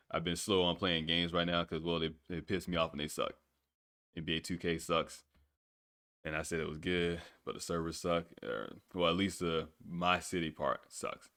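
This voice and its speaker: Male solo podcast host, very low voice, loose rambling delivery with casual swearing. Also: sharp tone, smooth.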